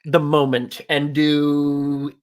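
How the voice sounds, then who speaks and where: Canadian guy, kinda high voice, rambling story w lots of uhs and likes. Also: monotone, very slow, smooth. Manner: rambling, laid-back anecdote telling with frequent fillers. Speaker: guest musician. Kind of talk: casual storytelling chat.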